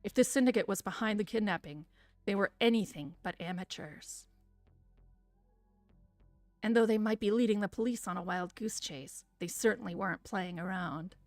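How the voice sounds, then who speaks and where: A woman reading a visual novel aloud in a soft, soothing voice, with casual, swearing asides. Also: mid-range voice, moderate pace, dry recording, faint music behind. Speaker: streamer reading a game aloud.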